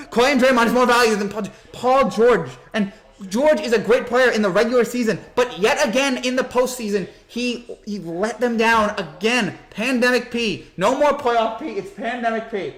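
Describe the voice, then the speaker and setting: A young man hosting a postgame basketball reaction stream, talking in an excited, hyped-up way and reading out reactions. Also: extremely high pitch. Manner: excited, rapid, hyped-up sports talk. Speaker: sports commentary host.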